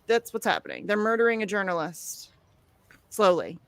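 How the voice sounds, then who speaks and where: A woman's voice: medium pitch, big pitch swings, normal speed, no echo. A woman in blunt, indignant casual chat, swearing freely as an activist co-host on an online call.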